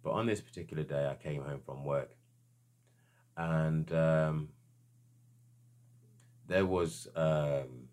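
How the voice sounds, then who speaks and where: A man telling a personal experience in a reflective, hesitant way, with frequent restarts and searching pauses. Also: rumbling low, darkish tone. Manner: earnest and searching. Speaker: storyteller.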